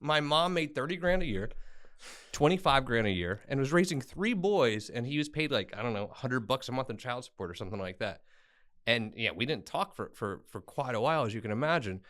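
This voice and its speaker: A man's voice: medium pitch, brisk. A man from Tennessee, a guest attorney, telling his story bluntly and with self-deprecating humor in an interview. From Tennessee, USA. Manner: blunt, self-deprecating, animated when quoting people.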